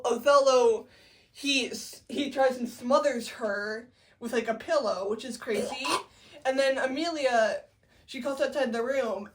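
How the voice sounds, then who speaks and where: A woman's voice: fairly high pitch, far from the mic. Chatty woman with wry asides. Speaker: co-host summarizing a play. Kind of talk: casual study recap.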